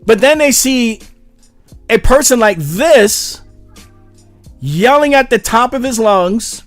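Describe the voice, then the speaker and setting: A man hosting a commentary channel, reacting to a debate clip with animated, sarcastic asides. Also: very high voice, takes it slowly, dry recording, faint music behind.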